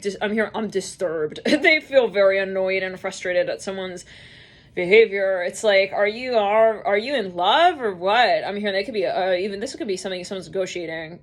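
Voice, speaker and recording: A woman giving a rambling, chatty tarot reading, full of fillers and quick acted-out quotes. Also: mid-range voice. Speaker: tarot reader. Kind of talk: casual tarot reading monologue.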